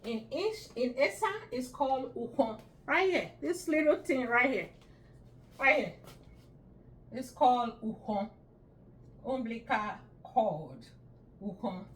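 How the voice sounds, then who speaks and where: A woman teaching body-part words in a slow, patient lesson, repeating each word and checking with listeners. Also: fairly high pitch, animated. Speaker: language teacher. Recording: echoey room, mic at a distance.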